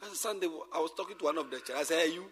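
A man preaching a sermon as a pastor, animated and repetitive, swinging from shouts to whispers. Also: a little high, rapid-fire, in a large hall, slight background noise. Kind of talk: sermon to church workers.

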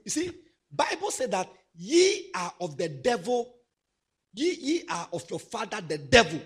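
A man preaching a sermon to young people. He swings from soft asides to loud exhortation. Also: sits high, sing-song, measured pace, husky.

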